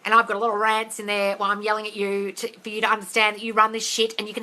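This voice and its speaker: A woman coaching viewers on a livestream, reading their questions and answering in a blunt, sweary, ranting way that often turns to yelling. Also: medium pitch, completely flat delivery, rapid-fire, hardly any pauses, poor audio. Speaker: manifesting coach answering live chat questions. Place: home desk area. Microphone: livestream on phone or computer.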